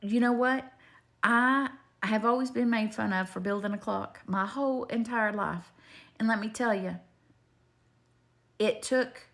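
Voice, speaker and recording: Older lady rambling about faith to her viewers, wanders off topic a lot, homey and chatty, pitch right in the middle. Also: fairly even intonation, a little slow, a bit bright. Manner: chatty, digressive, homespun, talks straight to the viewer. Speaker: faith video maker. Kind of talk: rambling faith testimony to camera.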